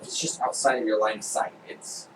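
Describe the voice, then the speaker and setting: A man's voice: fairly low pitch, fairly even intonation. Distant-sounding male game master. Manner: slow, hesitant description with fillers. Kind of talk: narrating a tabletop role-playing game. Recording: distant mic with faint background noise.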